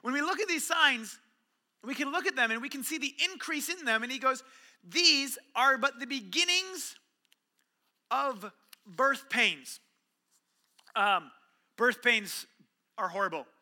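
Preaching a sermon, this pastor speaks in an extremely high register with a crisp, bright tone that never fades. He tells his story with energy, voicing mini-conversations that swing between hushed murmurs and yells, though his delivery is somewhat slow and broken by frequent pauses.

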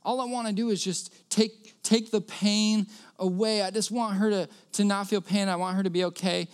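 Male preacher, high and smooth voice, earnest sermon storytelling with repeated key lines. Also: fairly even intonation, moderate pace.

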